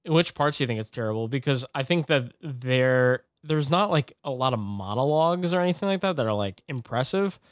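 A man co-hosting a podcast, talking through a movie review in a measured, agreeable way while gently disagreeing. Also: mid-range voice, animated, no echo, clean studio sound. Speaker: podcast co-host. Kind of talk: casual movie review chat.

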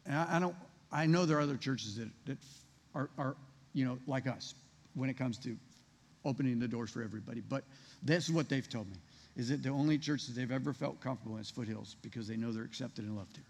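A man's voice: medium pitch, quick pace, gravelly, a little mellow. A man preaching a conversational sermon, firing rhetorical questions at his congregation. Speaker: pastor. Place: church sanctuary. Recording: reverberant hall.

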